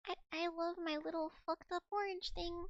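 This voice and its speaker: A young woman with a very high voice chats on a live stream from home, close on a desk mic. She coos fondly at her cat and rambles with little restarts. The sound is dry and close, with no room echo. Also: steady tone, moderate pace, highs cut off. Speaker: VTuber streamer. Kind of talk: casual live-stream chat.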